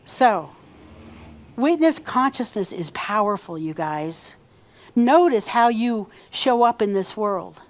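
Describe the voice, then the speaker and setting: A woman minister delivers a sermon in a relaxed, conversational way, stopping to lead her congregation through repeated affirmations. Her voice sits a little high for a woman. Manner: conversational, leads call-and-response affirmations. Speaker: reverend. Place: church sanctuary.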